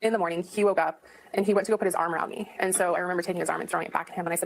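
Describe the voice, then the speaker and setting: A woman interviewee tells her own account, hesitant and peppered with fillers. She speaks quickly, in a fairly low voice for a woman. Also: fairly even intonation, creaky, low-quality recording. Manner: hesitant, full of "like". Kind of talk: recounting a personal account in an interview.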